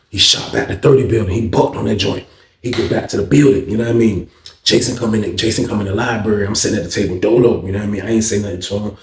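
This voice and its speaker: A man casually telling a story to his viewers in a slangy, profane, animated way, full of asides. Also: fairly low pitch. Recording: roomy echo.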